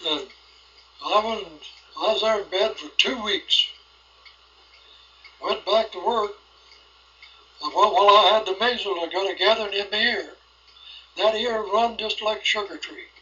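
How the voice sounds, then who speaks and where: A man's voice: high voice, normal speed, long pauses, pushed and bright. An older man telling rambling stories from his own life in plain rural speech, recorded at home. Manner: rambling folksy storytelling with rural grammar. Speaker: storyteller. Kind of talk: recorded oral history. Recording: lo-fi 1980s home cassette.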